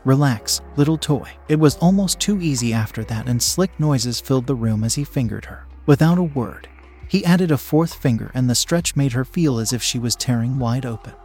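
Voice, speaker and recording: Husky male narrator of an adult story. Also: mid-range voice, expressive, normal speed, darkish tone, soft background music.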